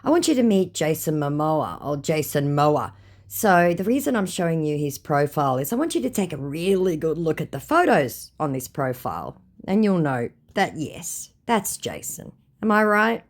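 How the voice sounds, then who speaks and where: Sarcastic Australian woman with a lively voice. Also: low-pitched, moderate pace. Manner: dry, sarcastic, deadpan asides. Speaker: scam-baiting vlogger. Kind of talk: casual sarcastic narration of chat messages.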